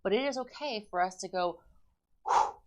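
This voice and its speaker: A woman and mother talking earnestly and emphatically about parenting, in quick runs of speech. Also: mid-range voice, lively intonation.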